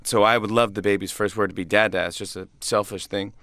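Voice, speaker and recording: A man's voice: lowish voice, fairly even intonation, fast, a bit bright, no room sound. A man, a comedian guest, chatting casually in an interview, laughing often and restarting his sentences.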